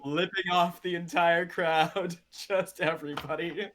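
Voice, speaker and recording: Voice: medium pitch, fairly even intonation, measured pace, a bit bright, slight background noise. A player in a tabletop game, reacting with groans and laughs. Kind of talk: casual tabletop play.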